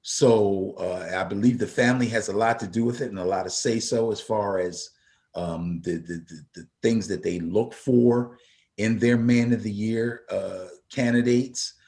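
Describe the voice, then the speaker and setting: A man's voice: on the low side, steady tone, moderate pace, darkish tone. A man co-hosting a casual football talk show, emphatic and prone to repeating himself. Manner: emphatic, repeats words when fired up. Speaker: sports talk show co-host. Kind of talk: casual sports radio chat.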